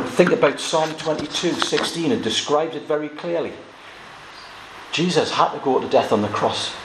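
A man preaching an expository sermon, reading scripture aloud and explaining it verse by verse. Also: on the high side. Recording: echoey room with faint noise.

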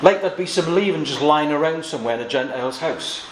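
A man with a slightly high voice preaches through a scripture passage, reading verses aloud and commenting on each one. The recording has a noticeable room echo and a faint hiss underneath. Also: expressive, quick pace. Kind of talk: expository sermon with scripture reading. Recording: echoey room with faint noise.

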